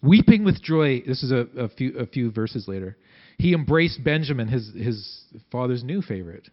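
A man preaching a sermon in a conversational way, acting out quotes with big swings in pitch and loudness. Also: very animated, normal speed, dull audio. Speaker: pastor.

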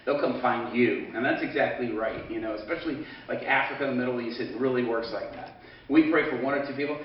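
Distant preacher in an echoing hall. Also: male voice, mid-range voice, fast talker. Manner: conversational, quoting others with "he goes". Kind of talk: storytelling sermon. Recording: echoey, distant, dull hall sound.

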